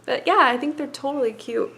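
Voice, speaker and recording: A woman's voice: high-pitched, a little fast, vocal fry, sharp tone, slight background noise. A woman giving a casual hair-wrapping tutorial, chatty and rambling, a little winded with a stuffy nose, muttering to herself as she works.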